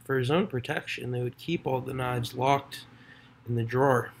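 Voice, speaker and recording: A man reading a literary short story aloud in a measured, unhurried way, now and then correcting himself mid-sentence. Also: mid-range voice, steady tone, slight background noise. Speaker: narrator.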